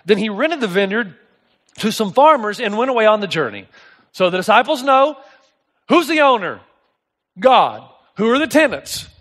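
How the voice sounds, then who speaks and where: High-voiced pastor preaching with animated storytelling. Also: male voice, normal speed, long pauses. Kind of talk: sermon.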